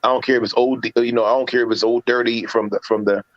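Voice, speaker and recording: Speaking at a quick pace with medium pitch, this man sounds muffled but has no echo. As a film-review podcast panelist on a relaxed livestream, he tells lively stories full of restarts and performs lines from scenes.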